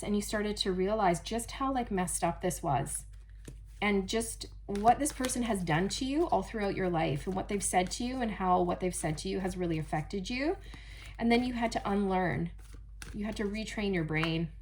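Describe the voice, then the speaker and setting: A woman's voice: mid-range voice, a little hiss or hum. Chatty woman doing a tarot reading. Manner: chatty, animated, addresses viewers as "you guys". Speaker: tarot reader. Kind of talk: casual channeled tarot reading.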